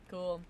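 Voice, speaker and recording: A young woman streams a game, chatting casually with viewers and giggling often. Her voice is medium in pitch, warm and husky.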